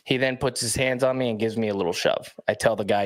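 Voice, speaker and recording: A man's voice: fairly low pitch, steady tone, a little fast, few pauses. A man, a professional athlete, telling a story bluntly in short emphatic sentences, often checking in with the listener. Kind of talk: storytelling in a played clip.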